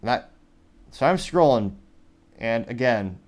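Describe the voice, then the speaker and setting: A man's voice: medium pitch, expressive, slow pace. A male host giving commentary on news and social media posts, reading comments aloud with dry asides. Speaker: show host.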